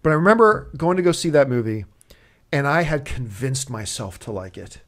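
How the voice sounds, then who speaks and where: Excitable man with a lively voice. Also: mid-range voice, moderate pace. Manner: excitable, animated storyteller. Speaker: movie show host. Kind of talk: casual chat.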